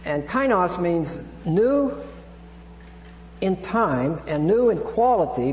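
A man gives a very animated expository Bible sermon, taking it slowly in a high-pitched voice with a darkish tone. He teaches with repeated restarts, digressions and Greek terms, recorded in an echoey hall with a hum.

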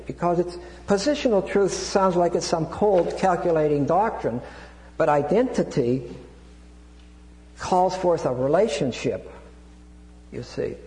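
This expository Bible sermon comes from a man with a fairly high pitch and a dark tone. He teaches while digressing, restarting repeatedly and using Greek terms, and the echoey hall adds a hum.

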